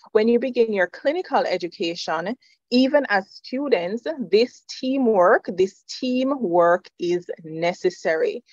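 Woman, nursing lecturer; measured, firm delivery; dry, muffled lo-fi sound. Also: mid-range voice, a little mellow, dry recording. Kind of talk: presentation to students.

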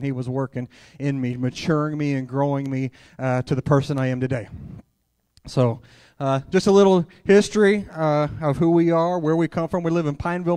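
A guest preacher with a fairly high, darkish, clean voice delivers a sermon at a church conference, telling stories candidly and conversationally and dropping in "hallelujah." There's no room sound.

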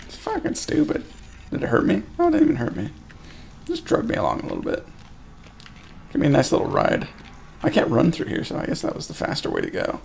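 A man streaming a horror game, swearing, laughing and yelling at enemies. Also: on the high side, huge pitch swings, moderate pace, creaky, long pauses. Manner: crude, jumpy, swearing, laughing. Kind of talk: live gameplay commentary. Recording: game music behind. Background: horror game music.

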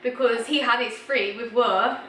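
A young woman tells a story in a casual chat, blunt and quick to swear. Her voice is bright and fairly high, picked up from a distance in an echoey room. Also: fairly even intonation, slight background noise. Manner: blunt, swears freely, laughs as she talks. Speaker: guest friend.

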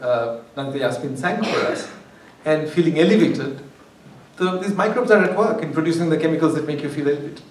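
A man's voice: a little high, darkish tone, slight background noise. A man giving an academic lecture, discursive and wry, often restarting his phrases. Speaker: guest lecturer. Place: lecture hall. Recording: echoey hall, far from mic, faint ambience.

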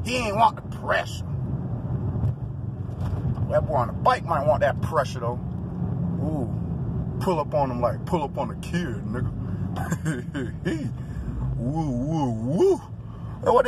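Brief: man driving and vlogging, high and very animated pitch, profane and shouty, road noise around him. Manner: loud, profane trash talk, taunting other drivers; often breaks into shouting. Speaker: driver filming himself. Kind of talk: casual in-car vlog commentary. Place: inside a car on city roads. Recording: noisy in-car recording with road noise.

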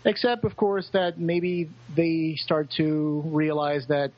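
Guy chatting on a podcast, kinda high voice, stumbles over words, dull audio. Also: fairly even intonation. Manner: halting, repeats words while thinking. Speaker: podcast co-host. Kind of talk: casual book discussion.

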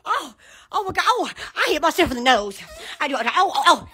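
A middle-aged woman chatting on a livestream, giggling and bursting into loud exclamations. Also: high-pitched, sing-song, a little fast. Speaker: livestream host. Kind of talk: rambling livestream chat.

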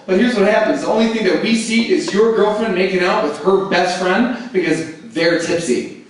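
A young man doing a crude stand-up comedy set in a club, brash and quick to slip into impressions. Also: high-pitched. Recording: echoey club, distant mic, loud noise.

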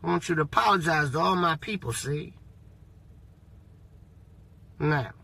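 A man putting on a low, menacing gangster boss. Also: expressive, gravelly, sharp tone, slightly rough, full character voice. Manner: slow, low, threatening delivery.

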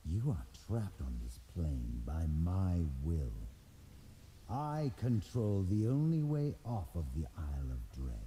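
A menacing god from a video game, speaking in a low, slow, commanding tone. His threats loom and drag out. A steady hiss sits under the audio. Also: heavily acted.

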